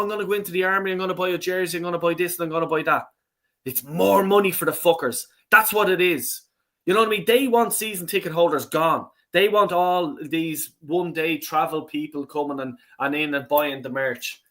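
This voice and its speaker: A man's voice: on the high side, pushed and bright. A man hosting a fan talk show, ranting angrily with lots of swearing and stumbling restarts. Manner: angry, sweary, stammering restarts. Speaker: fan channel host. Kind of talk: ranting podcast chat.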